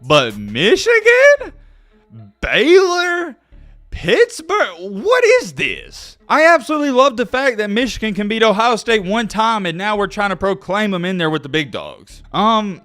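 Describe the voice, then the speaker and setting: A man's voice: on the high side, fairly bright tone, no room sound. A young man giving a blunt, heated, mocking rant as a sports commentary YouTuber. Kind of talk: opinionated solo rant.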